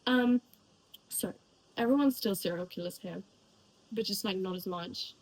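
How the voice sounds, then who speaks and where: A woman's voice: mid-range voice, lively intonation, moderate pace, pauses often, husky, rough recording. A young woman chatting casually about the books she read, rambling with lots of fillers and likes. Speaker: book reviewer. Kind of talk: casual chat.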